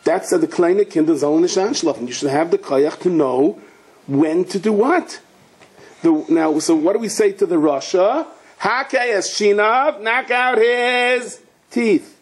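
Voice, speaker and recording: Husky-voiced rabbi preaching. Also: male voice, fairly high pitch, expressive, moderate pace, warm tone. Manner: storytelling, asks rhetorical questions, mixes in Hebrew and Yiddish. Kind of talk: sermon.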